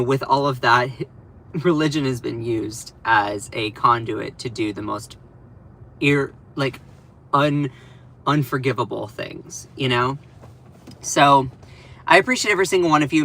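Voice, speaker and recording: His mid-range voice carries a slight brightness while he livestreams from home at the breakfast table. The young host keeps things loose and talkative, self-deprecating, breaking into laughs and restarting lines.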